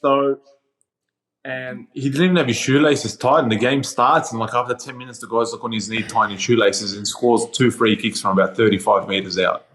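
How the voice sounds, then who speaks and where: A young man from Australia chatting as a podcast guest over a remote call. He tells his stories with energy and slips into character for his own quotes. His pitch sits in the middle for a man. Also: a little fast, rough recording. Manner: animated storyteller, acts out his own quotes. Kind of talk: casual storytelling interview.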